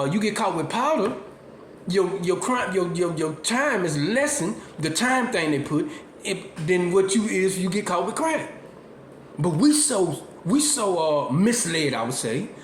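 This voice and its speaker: A man giving heated, preachy solo commentary, rambling and swearing as he drives his points home. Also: high-pitched. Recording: echoey room with faint noise.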